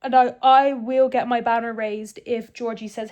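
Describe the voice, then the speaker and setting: A woman's voice: on the high side, little pitch movement, normal speed, darkish tone. A young woman chatting casually about a book she is reading in her home kitchen, amused and sarcastic. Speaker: book vlogger.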